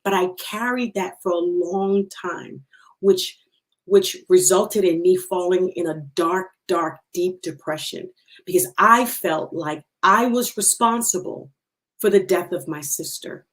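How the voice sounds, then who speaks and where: Hosting a livestream, a middle-aged woman with a lowish voice offers an emotional personal testimony, speaking slowly and from the heart. She repeats phrases for emphasis, and her voice breaks at times.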